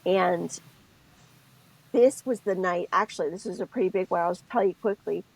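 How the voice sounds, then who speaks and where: Gravelly, husky woman podcast co-host. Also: fairly low pitch, moderate pace, poor audio. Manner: expressive, thinks aloud, self-interrupting. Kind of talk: casual spiritual chat.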